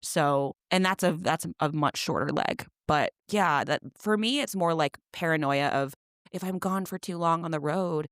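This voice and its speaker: A young woman co-hosts a podcast of casual chat, telling stories with dramatic flair and acting out the quotes. Her low voice comes at normal speed with a clean tone, in a dry, studio-quality recording.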